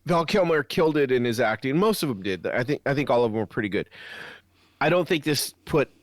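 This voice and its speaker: Animated, laughing podcast co-host man. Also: mid-range voice, fairly quick, dry recording. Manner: animated, laughs often, swears casually. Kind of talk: casual chat about a film.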